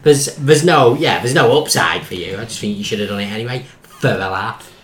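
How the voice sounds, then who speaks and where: A man's voice: medium pitch, animated, fairly quick, fairly bright tone. A man co-hosting a podcast, chatting casually, laughing along and teasing his friend. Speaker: podcast co-host. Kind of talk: casual chat. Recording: echoey room.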